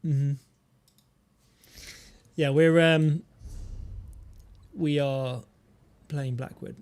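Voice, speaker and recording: A man's voice: on the high side, steady tone, extremely slow, a little mellow, clean tone. A man giving casual, joking commentary while streaming a game. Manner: chatty, joking.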